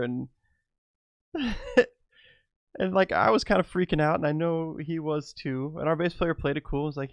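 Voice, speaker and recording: Gravelly middle-aged man telling stories. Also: fairly high pitch, normal speed, pauses often, no room sound, muffled recording. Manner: laughs often while telling stories; loose and rambling, many fillers. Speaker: vlogger. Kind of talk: casual storytelling to camera.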